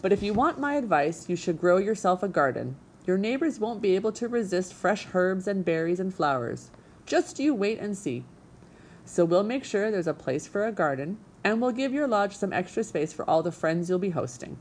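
A woman's voice: medium pitch, very animated, normal speed, a little mellow, slight background noise. A woman voicing a stubborn, grumbling male beaver father with a folksy way of talking. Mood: gruff, folksy.

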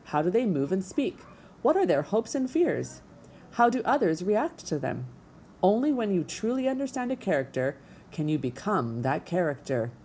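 A woman voicing a dramatic, show-off female opossum with a high, theatrical manner. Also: big pitch swings, moderate pace, warm tone, a little hiss or hum. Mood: enthusiastic.

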